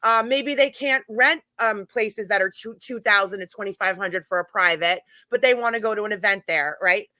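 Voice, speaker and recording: Speaking at a moderate pace with few pauses, this woman has a mid-range voice, and there's no echo. As an organizer of paranormal events, she laughs her way through a funny story in relaxed conversation, staying animated throughout.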